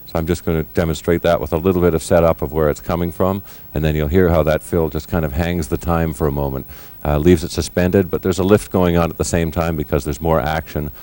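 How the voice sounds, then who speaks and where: A middle-aged man in a recording studio, explaining drum fills in a measured, thoughtful way. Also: a bass voice, fairly even intonation, a little mellow. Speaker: drummer giving a lesson. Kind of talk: instructional explanation.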